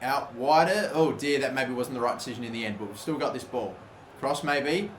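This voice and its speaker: A young man giving live commentary over a football video game, swearing freely and shouting at big moments. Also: medium pitch, brisk, roomy sound, a little hiss or hum. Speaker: gaming commentator.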